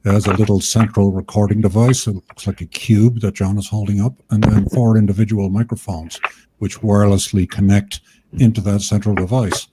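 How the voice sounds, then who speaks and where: A man, co-host of a podcast, explaining things in a measured way with frequent fillers. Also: lowish voice, level tone, background noise. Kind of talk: casual interview chat.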